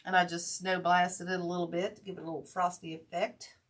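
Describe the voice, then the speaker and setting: A woman's voice: lowish voice, flat delivery, brisk. Chatty woman teaching a craft. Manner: chatty, rambling, talks while working. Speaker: wreath-making host. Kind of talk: casual crafting tutorial.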